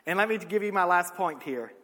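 A man, preaching a sermon with folksy stories, swinging from shouted peaks to low asides. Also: expressive, a little fast. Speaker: pastor. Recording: echoey hall.

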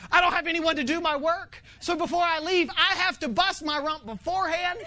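A man preaching a conversational sermon, animated, laughing often and swinging from loud to hushed. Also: extremely high pitch, a little fast. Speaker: pastor.

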